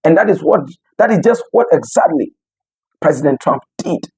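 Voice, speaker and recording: A commentator from Africa giving casual news commentary, animated and laughing often between remarks. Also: mid-range voice, normal speed, breathy edge, poor audio.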